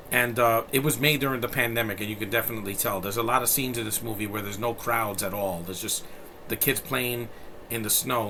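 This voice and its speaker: A man's voice: medium pitch, sharp tone, slight background noise. A man in his thirties from New York City, giving a casual and blunt film review, rambling with plenty of fillers and profanity. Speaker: movie reviewer.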